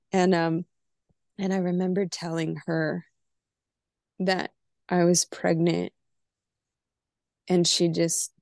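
A woman from California tells her own story as a podcast guest, slipping into the voices of the people she quotes. Her voice sits low and gravelly. The mic is close and the sound is dry. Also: level tone, slow pace, pauses often, a little mellow, no echo. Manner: candid, emotional, acts out quoted dialogue. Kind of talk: personal storytelling in a podcast interview.

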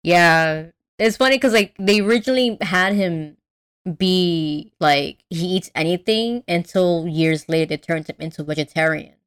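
A woman's voice: on the low side, moderate pace, smooth. A young woman chatting casually as a podcast co-host, rambling with lots of fillers and restarts. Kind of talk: casual chat.

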